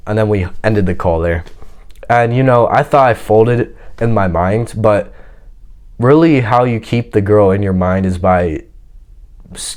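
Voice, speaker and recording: A man's voice: lowish voice, darkish tone. A man casually telling a personal story in a boastful, slangy, confident way.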